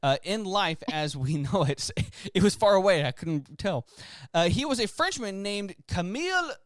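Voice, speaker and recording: A man's voice: high-pitched, expressive, moderate pace, dry recording. A man co-hosting a podcast who reads history articles aloud in casual chat and stumbles over long words. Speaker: podcast co-host.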